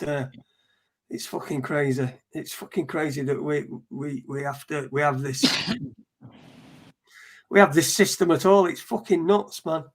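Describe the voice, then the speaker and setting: A man co-hosting a casual talk show, joking around and swearing a lot. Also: on the high side. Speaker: podcast co-host. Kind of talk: casual chat.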